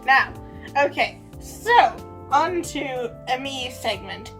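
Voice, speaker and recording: High-voiced, sleep-deprived woman vlogging. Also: lively intonation, takes it slowly, over music. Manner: playful, dramatic outbursts. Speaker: vlog co-host. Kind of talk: casual home vlog chat.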